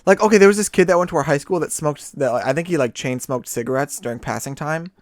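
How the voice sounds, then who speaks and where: A man's voice: on the high side, fast talker, no echo, studio quality. A young man co-hosting a podcast, telling rambling stories in a sardonic, casual way. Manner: rambling, sardonic, laughs often. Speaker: podcast co-host. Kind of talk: casual storytelling chat.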